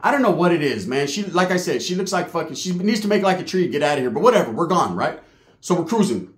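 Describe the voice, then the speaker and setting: A man's voice: on the high side, very animated, fast. A man telling a slangy, profane comedic story, full of punchy asides. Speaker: comic storyteller. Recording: roomy echo.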